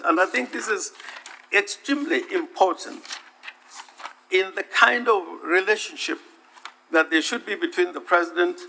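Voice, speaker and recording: A man giving a formal legal submission to a senate, deliberate and emphatic, stressing and repeating key words. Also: sits high, creaky, pushed and bright. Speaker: counsel addressing the Senate. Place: legislative chamber.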